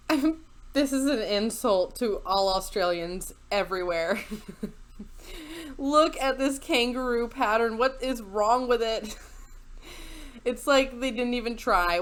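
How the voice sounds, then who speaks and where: A woman's voice: fairly high pitch, expressive, measured pace, a bit bright. A woman giving casual reaction commentary as a video host, sarcastic and incredulous, breaking into laughter often. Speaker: YouTube commentator.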